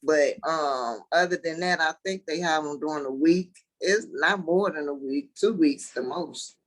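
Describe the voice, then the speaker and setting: A woman's voice: deep voice, a little slow, poor audio. Candid, easy-laughing real estate agent woman. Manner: candid, laughs easily, explains plainly. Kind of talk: casual interview chat.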